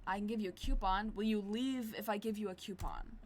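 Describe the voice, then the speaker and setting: A woman's voice: mid-range voice, brisk, noisy background, close to an everyday voice. A woman voicing a pompous, overly formal man obsessed with Victorian fashion in a dating game playthrough. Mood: haughty. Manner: haughty, theatrical, overly formal.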